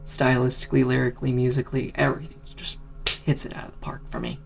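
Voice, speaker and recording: Gravelly-voiced man rambling softly. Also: medium pitch, big pitch swings, quick pace, faint music behind. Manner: rambling, casual, swears, many fillers; keeps voice down on purpose. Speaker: music video creator. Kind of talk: casual music ranking vlog.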